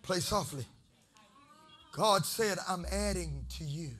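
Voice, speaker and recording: A man's voice: high-pitched, slow pace, a bit bright. A man preaching a sermon as a bishop, chanting and half-singing his lines in a studio full of worshippers. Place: studio with congregation.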